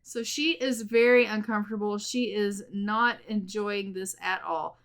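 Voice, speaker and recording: A woman's voice: mid-range voice, fairly even intonation, a little slow, a bit bright. A young woman hosting a video game let's play, narrating the story in a chatty way. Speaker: gaming video host.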